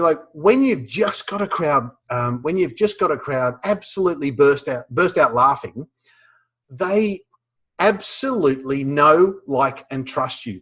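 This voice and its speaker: A man's voice: on the high side, fairly bright tone, slightly rough. An Australian man presenting a webinar, telling a funny story with lots of restarts and fillers. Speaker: professional speaker teaching a webinar.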